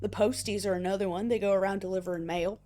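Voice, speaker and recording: A woman's voice: medium pitch, fairly even intonation, quick pace, dark tone, close to an everyday voice. Woman voicing a paranoid loner villager. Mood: wary. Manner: wary, distrustful.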